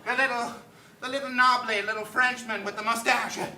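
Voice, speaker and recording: A man putting on a grand, imperious vaudeville diva, brassy and vain, in a high, gravelly voice. The sound comes from far off in an echoey room with noise behind it. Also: fairly even intonation, brisk. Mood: bossy. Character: brash faded vaudeville star woman, grand and vain. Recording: echoey stage from far off, noisy.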